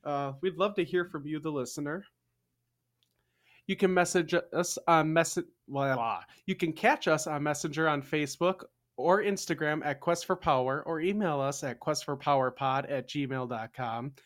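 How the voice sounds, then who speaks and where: Man, podcast co-host, casual chat, jokey, fairly high voice. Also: moderate pace, fairly bright tone. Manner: chatty, jokey, trails off and restarts.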